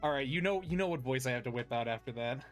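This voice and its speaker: A man's voice: medium pitch, lively intonation, fast talker, soft background music. A man in casual chat, playful and joking, a Vtuber. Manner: playful, joking, laughs often.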